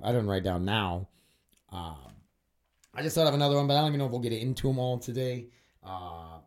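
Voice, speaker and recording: A man's voice: medium pitch, a little mellow. A man hosting a solo podcast monologue, rambling and swearing freely, with frequent fillers like "uh" and "dude". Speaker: podcast host.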